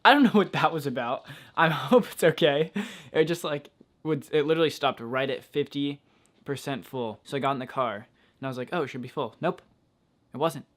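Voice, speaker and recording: A man's voice: fairly high pitch, fairly quick, fairly bright tone, dry recording. A young man vlogging casually outdoors around his car, talking frankly and swearing in exasperation. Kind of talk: casual vlog.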